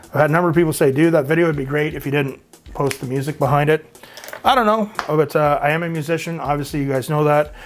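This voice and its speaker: A man's voice: fairly high pitch, fast talker, faint music behind. Chatty Canadian man in his fifties. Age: 50s. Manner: rambling, chatty, frequent filler words. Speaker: YouTube host. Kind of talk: casual chat reading viewer comments.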